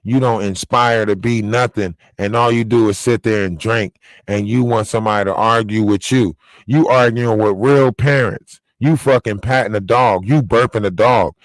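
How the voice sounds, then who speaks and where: A man's voice: on the low side, steady tone, moderate pace, hardly any pauses, no room sound, low-quality recording. A man delivering a profane, confrontational rant on a livestream, scolding someone directly. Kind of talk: ranting livestream monologue.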